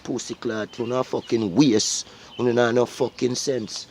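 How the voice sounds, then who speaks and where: A man's voice: mid-range voice, fairly even intonation, unhurried, a little mellow, a little hiss or hum. A Jamaican man delivers a preachy monologue straight to his audience. He swears heavily and keeps throwing questions back at the listener. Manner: preachy, profane, repeats questions like "Eh?". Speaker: vlogger. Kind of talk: ranting monologue to viewers.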